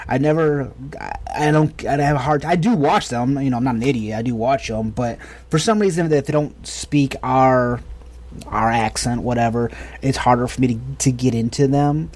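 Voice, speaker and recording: A man from the United States in his thirties co-hosts a podcast with a medium-pitched, darkish voice at normal speed. He keeps the chat casual and enthusiastic, rambling and restarting often.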